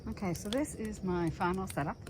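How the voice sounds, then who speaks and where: Speaking in a mid-range voice at a fairly quick clip, a woman vlogs casually while setting up camp alone. She's chatty and rambling, addressing the camera as she works at an outdoor campground. Outdoor ambience, campsite noise, and passing trains and planes fill the background.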